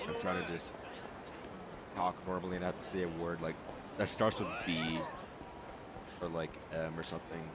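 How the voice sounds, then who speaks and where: A man's voice: deep voice, flat delivery, moderate pace, pauses often, very noisy. A young man with a light Texan accent, casually rambling and swearing while commenting on a video game. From Texas. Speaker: gaming YouTuber. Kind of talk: let's play commentary. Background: game music.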